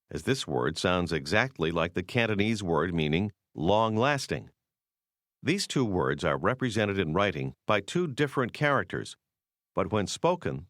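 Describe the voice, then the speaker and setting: A man with a very low voice narrates a language lesson in a measured, explanatory way. His pitch moves a lot as he explains, and the recording is dry and close. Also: big pitch swings, a bit bright, no room sound. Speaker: course narrator. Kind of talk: scripted language-course narration.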